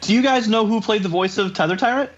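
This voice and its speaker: A man co-hosting a podcast in casual chat, excitable and quick with asides, swearing freely. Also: high-pitched. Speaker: podcast co-host. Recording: slightly dull lo-fi sound.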